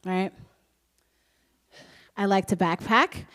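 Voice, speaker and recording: A woman in her thirties from the United States, giving an animated, laugh-filled presentation to an audience as a guest speaker, with many fillers. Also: on the low side, takes it slowly, long pauses, clean tone. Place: school presentation room.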